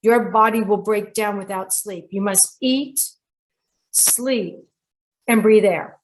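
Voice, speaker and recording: A woman's voice: medium pitch, takes it slowly, a little hiss or hum. An older woman hosting a talk show about dreams, telling a client's story and acting out the quoted voices. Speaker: show host, dream expert.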